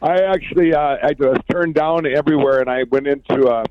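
A man from Minnesota, a company founder and interview guest, telling his story in a rambling, excited way with many restarts. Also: fairly high pitch, a little fast, dry recording, highs cut off. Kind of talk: conversational storytelling.

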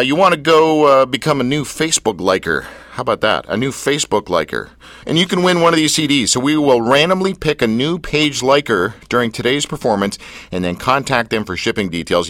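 A man's voice: medium pitch, no room sound. A man hosting a radio show, teasing and joking with his guests. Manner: teasing, playful, lively. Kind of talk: jokey radio chat.

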